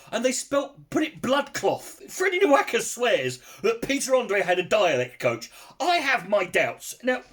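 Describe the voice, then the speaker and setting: A man's voice: very high voice, fairly bright tone. A man reviewing a film in a casual, exasperated, sweary rant, mocking and restarting his sentences.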